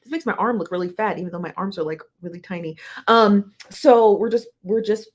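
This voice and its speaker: A woman's voice: mid-range voice, fairly quick. Chatty woman hosting a live stream. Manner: chatty, greets viewers by name, slangy asides. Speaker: host of a live-stream reaction show. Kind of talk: casual live-stream chat. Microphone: desk mic, close.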